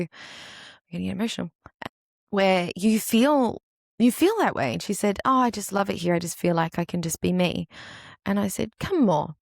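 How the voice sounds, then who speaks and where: A woman's voice: lowish voice, vocal fry, dry recording, studio quality. Earnest woman hosting a solo podcast. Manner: earnest, candid, animated when quoting others. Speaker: podcast host and dance teacher.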